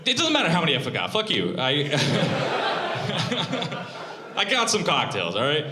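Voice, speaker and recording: Animated young comedian, lively swooping voice. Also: male voice, fairly high pitch, moderate pace, a crowd in the background. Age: 20s. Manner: animated, profane, self-mocking. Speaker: stand-up comedian. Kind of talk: live stand-up set. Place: comedy club stage. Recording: roomy comedy club.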